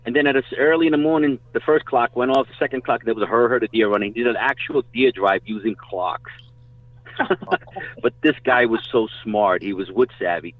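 A man's voice: mid-range voice, brisk, no room sound. A man telling hunting stories in casual chat, rambling and swearing freely. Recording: dry tinny phone-like line.

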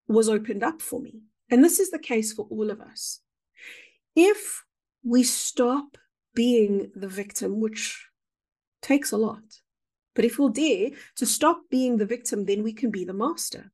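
Earnest woman, higher voice. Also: moderate pace. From South Africa. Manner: earnest, expressive, shifting pace. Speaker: podcast guest. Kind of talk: spiritual conversation.

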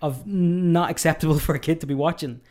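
A man's voice: a little high, fairly quick. A man, a father of a young child, chatting casually and thoughtfully about a movie, now and then acting out a quote. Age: young adult or 30s, a father of a two-year-old. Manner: relaxed, reflective, acts out quotes now and then. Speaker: podcast co-host.

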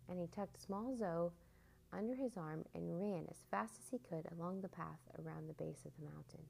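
Gravelly warm woman reading a storybook. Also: lowish voice, normal speed, a little hiss or hum, poor audio. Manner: expressive, animated storytelling. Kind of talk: storybook read-aloud.

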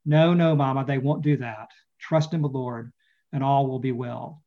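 A man reading the lines of a gentle, reassuring grown son and statesman in a quiet, soothing read-aloud voice, on muffled lo-fi audio. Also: mid-range voice, steady tone, moderate pace, close to an everyday voice.

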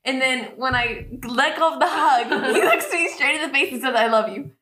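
A woman's voice: sits high, moderate pace, a little hiss or hum. A young woman in casual chat, animatedly retelling a story and acting out what people said. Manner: animated, laughing storyteller who acts out quotes. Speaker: guest, girlfriend. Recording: echoey room.

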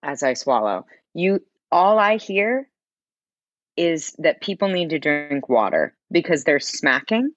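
A woman co-hosting a chatty podcast, her voice low but swinging widely in pitch as she talks. She sounds animated and emphatic and laughs easily. The recording is dry and a little dull in tone. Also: slow, no echo. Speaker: podcast co-host. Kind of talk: casual chat. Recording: slightly dull dry mic.

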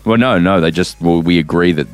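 A man's voice: low voice, a little fast, clean tone, faint music behind. A man, co-hosting a podcast, rambling and sarcastic, building mock-grand rants in casual chat. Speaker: podcast co-host. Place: studio room in London.

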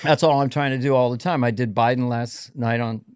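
A man, a guest comedian and impressionist, chatting casually and quickly. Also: mid-range voice, steady tone, clear, resonant tone, dry recording, studio quality. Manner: chatty, quick, drifts into voices. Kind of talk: casual chat.

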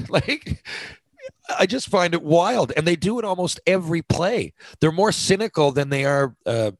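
A man's voice: a little high, expressive, normal speed, no echo, low-quality recording. A man talking casually on his podcast, chatty and self-deprecating, with lots of fillers and restarts. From North America. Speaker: podcast host. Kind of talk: casual rambling monologue.

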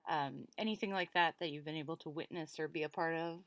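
A woman's voice: sits low, fast talker, a bit bright, dry recording. A woman interviewing a player in a friendly, chatty way, laughing often. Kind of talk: casual interview.

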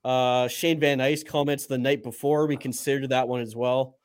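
A man's voice: mid-range voice, steady tone, normal speed, clean tone. A man hosting a podcast in casual chat, reading out poll results in an easygoing way. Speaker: podcast host.

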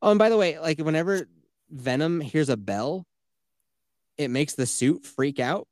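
Male podcast host, lively swooping delivery, dry close sound, swears freely while mocking a game plot. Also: a little high, unhurried, dry recording. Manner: profane, animated, mocking retelling. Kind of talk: casual game review chat.

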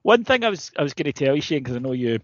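A man's voice: on the high side, sing-song, rapid-fire, no room sound. A man co-hosting a podcast, telling football stories in a brash, profane way. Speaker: podcast co-host. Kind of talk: casual football chat. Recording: dull lo-fi podcast audio.

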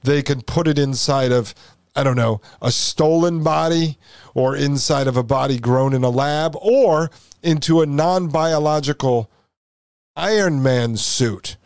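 A man hosting a commentary podcast, speaking slowly and deliberately with a fairly high voice. He is emphatic and keeps pressing the listener with repeated rhetorical questions. The sound is close and dry, with no room around it. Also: a little mellow, dry recording. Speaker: podcast host. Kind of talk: opinionated commentary.

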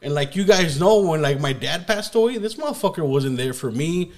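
High-voiced blunt young man. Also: lively intonation, brisk, darkish tone. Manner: blunt, streetwise slang, swears a lot. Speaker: podcast co-host. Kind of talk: casual chat.

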